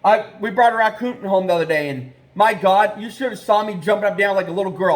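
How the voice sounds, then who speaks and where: A man with a fairly high voice chats loosely to his viewers. He rambles, fills gaps with ums and gets easily worked up. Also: a little fast. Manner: rambling and excitable, with many fillers. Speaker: trapping vlogger. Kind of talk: casual vlog talk.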